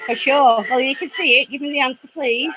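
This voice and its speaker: A woman hosting her own paranormal channel from home, chatty and easily excited, laughing often as she talks to her viewers. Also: high voice, brisk, poor audio. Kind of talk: casual live chat. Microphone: laptop.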